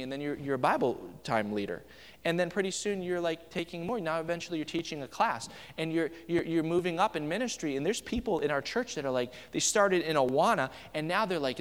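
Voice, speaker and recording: Higher-voiced man preaching in a reverberant church. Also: animated, brisk, fairly bright tone. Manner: conversational preaching with anecdotes and frequent restarts. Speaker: pastor. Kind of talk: sermon. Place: church sanctuary.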